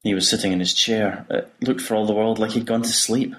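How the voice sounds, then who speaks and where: A man narrating an audiobook in an even, measured reading. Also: lowish voice.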